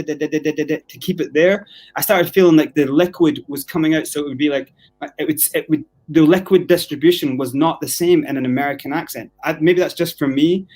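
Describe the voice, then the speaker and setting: A Scottish man in his forties with a fairly high voice tells a long story as a guest. He circles back, restarts phrases and thinks aloud as he goes. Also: a little mellow. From Scotland. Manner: rambling, many restarts and fillers. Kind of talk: casual interview storytelling.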